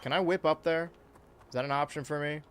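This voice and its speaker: A man's voice: fairly high pitch, fairly even intonation, fairly quick, a faint crowd, a little hiss or hum. A man playing a video game and talking over it with rambling, sarcastic jokes and asides. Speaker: gaming channel host. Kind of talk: let's play commentary.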